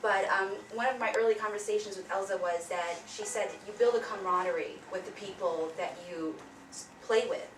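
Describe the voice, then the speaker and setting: A woman's voice: medium pitch, a little fast. A woman, a newcomer actress, speaking earnestly and gratefully about the show. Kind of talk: post-show interview. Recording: roomy, from far off, audible noise.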